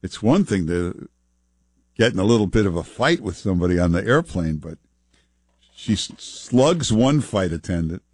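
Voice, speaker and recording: A lower-pitched man hosts talk radio in an easygoing, conversational way, filling pauses with "uh". His voice is close and dry in the studio mic, with no room sound around it. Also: breathy edge, dry recording. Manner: relaxed, chatty, frequent "uh" fillers. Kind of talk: casual talk radio banter. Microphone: studio microphone.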